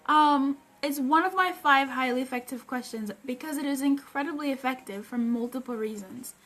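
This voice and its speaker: A woman's voice: high-pitched, normal speed. A woman coach hosting a live stream, chatting upbeat with viewers and greeting them by name between points. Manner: upbeat, greets viewers mid-sentence, bursts of excitement. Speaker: personal development coach hosting a livestream.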